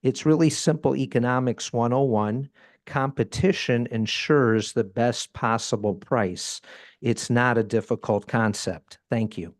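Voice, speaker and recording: Slow, dry-voiced man making a pointed comment. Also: mid-range voice, no echo. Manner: pointed, dryly sarcastic. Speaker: resident speaking at public comment. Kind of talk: public comment at a city meeting.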